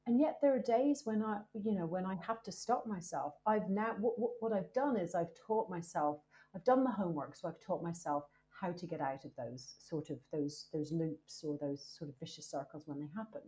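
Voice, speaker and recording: A woman speaking as a guest in a candid podcast conversation, lively and emphatic, with many "you know" fillers. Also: fairly low pitch, moderate pace. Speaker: guest, presenter and author.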